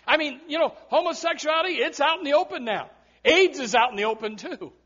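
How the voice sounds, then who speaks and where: A man's voice: very high-pitched, lively intonation, a little fast, sharp tone, highs cut off. A man preaching a sermon in an emphatic style, often repeating and restarting his words. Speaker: pastor.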